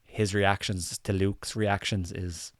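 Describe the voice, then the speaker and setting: A man's voice: low voice, flat delivery, takes it slowly, no room sound, studio quality. A man with a slight cold co-hosting a casual live chat, loose and sweary, laughing often. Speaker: podcast co-host.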